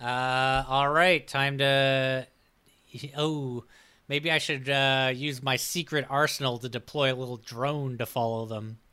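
A man's voice: mid-range voice, steady tone, a little slow, sharp tone, clean tone. A man playing a tabletop game, thinking aloud with hesitant starts. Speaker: player. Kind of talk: casual tabletop game play.

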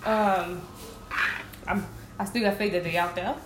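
Animated woman chatting in an echoey room. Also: mid-range voice, a little slow. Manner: animated, emphatic, repeats herself. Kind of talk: casual chat about zodiac signs. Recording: echoey room with clear background noise.

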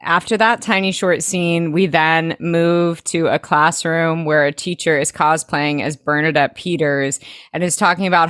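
Playful woman podcast co-host, lowish voice. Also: a bit bright, dry recording, clean studio sound. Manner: playful, sings snippets and swears casually. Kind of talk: casual chat recapping a TV episode.

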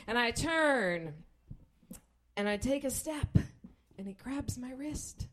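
A woman's voice: on the high side, expressive, a little slow, fairly bright tone. A woman from Kansas doing stand-up, telling a story in a wry, profane way and acting out the people in it. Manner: profane, wry, acts out quoted people in voices. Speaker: stand-up comedian.

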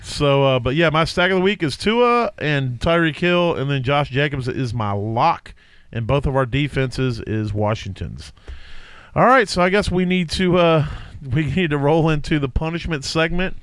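A man's voice: fairly high pitch, animated, moderate pace, fairly bright tone, smooth, dry recording. A man co-hosting a casual fantasy football podcast, rambling with fillers and restarts. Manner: rambling, with many fillers and self-corrections. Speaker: podcast co-host.

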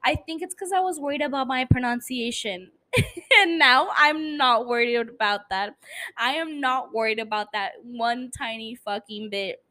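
A tipsy woman with a non-native English accent, hosting a podcast in a blunt, profane, animated casual monologue. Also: on the high side, moderate pace. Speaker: podcast host.

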